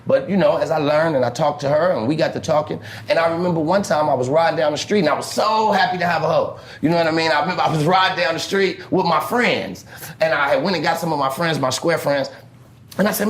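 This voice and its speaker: A man telling a crude personal story in an animated way, acting out the dialogue. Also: fairly high pitch, fast talker. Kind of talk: storytelling monologue. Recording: echoey room.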